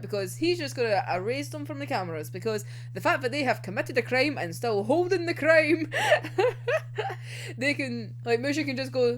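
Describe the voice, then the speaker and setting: A woman's voice: on the high side, a little hiss or hum. A young woman giving a casual episode recap as an anime reviewer, giggling often, swearing freely and acting out the characters' lines.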